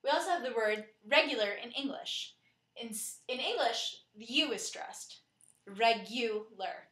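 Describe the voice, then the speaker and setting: A woman narrating a scripted lesson in a clear, steady way, slowing down to spell out and pronounce words. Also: a little high, echoey room. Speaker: teacher.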